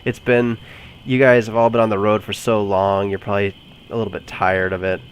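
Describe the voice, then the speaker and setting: A man with a lowish voice narrates a tabletop session as dungeon master. He talks loosely and chats along, often breaking into laughs, with a faint hiss of noise behind him. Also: level tone, fairly quick, low-quality recording.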